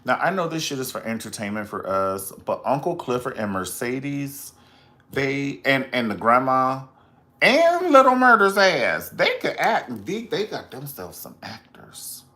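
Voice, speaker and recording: A man hosting a casual pop culture commentary, profane and dramatic, breaking into high squeals when he quotes people. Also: sing-song, measured pace, bright, forceful tone. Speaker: host.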